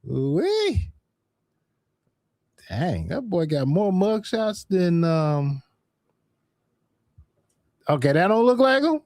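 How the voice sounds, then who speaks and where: A man's voice: high-pitched, slow pace, vocal fry, pauses often, no room sound. Guy hosting a call-in show, aave, swoops up and down a lot, dry sound. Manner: animated, repeats phrases, laughs often. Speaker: livestream host. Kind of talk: casual call-in chat.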